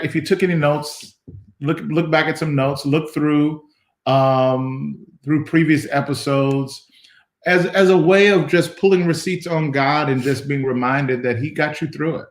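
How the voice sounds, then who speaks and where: A man hosting a casual show as pastor, playful and teasing, now and then bursting into falsetto song. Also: reverberant. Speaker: pastor and host. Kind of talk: casual livestream chat.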